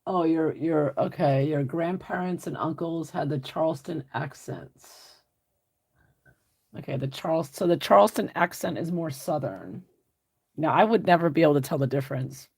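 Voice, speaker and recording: A woman's voice: low-pitched, moderate pace, a little mellow, breathy edge. A woman hosting an art livestream, chatting casually and answering viewer comments while she paints, often laughing.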